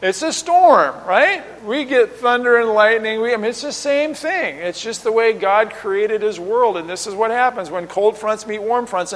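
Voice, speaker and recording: A man preaching a sermon, explaining with lively rhetorical questions and acting out quoted lines. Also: sits high, in a large hall, low-quality recording. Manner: animated teaching, voices rhetorical questions and acts out quotes.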